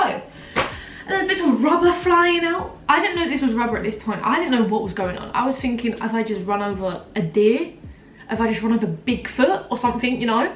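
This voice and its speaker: A woman's voice: on the high side, expressive, normal speed. Young woman, storytime vlog, dramatic, filler-heavy, roomy echo, faint music. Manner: dramatic, breathless retelling full of "like" fillers. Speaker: vlogger. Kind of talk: storytime chat. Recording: echoey room, mic at a distance, faint music.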